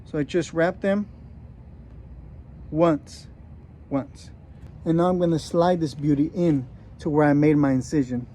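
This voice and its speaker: A man's voice: a little high, fairly even intonation, a little slow, long pauses, dark tone, slight background noise. A man in his thirties, joking casually with a put-on Australian accent while giving a hands-on gardening how-to outdoors. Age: 30s. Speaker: gardening vlogger.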